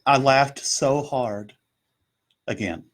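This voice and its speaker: A man with an even, mid-pitched voice co-hosts a casual book chat in a public library. He stumbles over his words and restarts often, chuckling as he goes. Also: takes it slowly. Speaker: co-host of a book discussion.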